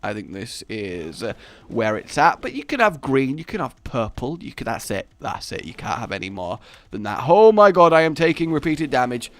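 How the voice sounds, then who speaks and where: A man's voice: medium pitch, big pitch swings, moderate pace, no room sound. A man giving casual, rambling gameplay commentary in his home office, telling stories with restarts and bursts of laughter. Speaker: gaming YouTuber.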